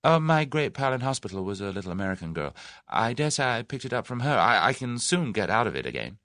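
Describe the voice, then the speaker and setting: A man reading an audiobook voices a spirited, wary young Englishwoman, raising his voice and giving quick, plucky retorts. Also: mid-range voice, very animated, fairly bright tone, no echo, studio quality, pitched above the performer's own voice.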